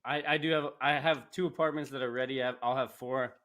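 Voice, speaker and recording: A man from Canada chatting casually as a podcast host, rambling and animated, laughing often. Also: medium pitch, quick pace. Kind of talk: casual chat.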